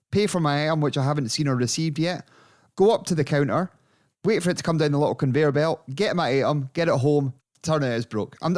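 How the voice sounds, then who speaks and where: A man's voice: fairly high pitch, darkish tone. A man co-hosting a football podcast, riffing wryly and steering the segments. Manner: wry, storytelling riffs, steers segments. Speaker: podcast co-host. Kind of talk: casual football chat.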